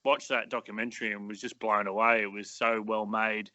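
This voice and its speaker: A man talking as a podcast guest in casual chat, relaxed and joking, with plenty of ums and restarts. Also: lowish voice, fairly quick, no room sound, highs cut off. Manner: relaxed, joking, hesitant with many fillers.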